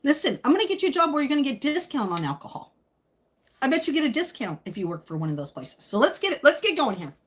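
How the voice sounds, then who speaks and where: A woman hosting a casual live stream, answering viewer comments in a chatty, teasing way, with a slightly husky voice. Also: sits high, very animated, quick pace. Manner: speaks while eating. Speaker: livestream host chatting with viewers.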